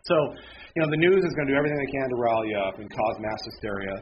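A man in his thirties preaches in a loose, chatty way, wandering off on tangents, tripping over his own words and poking fun at himself. The recording is dull and lo-fi, with a steady hiss of noise underneath. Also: medium pitch, very fast. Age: 30s. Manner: rambling, self-deprecating, frequent restarts. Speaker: pastor. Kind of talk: casual conversational sermon. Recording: muffled, noisy lo-fi recording.

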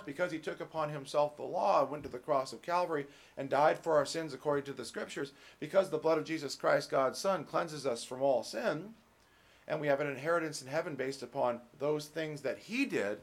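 Emphatic preaching man, fairly high voice. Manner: emphatic, rising loud on key points; conversational asides with fillers. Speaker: pastor. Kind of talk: sermon.

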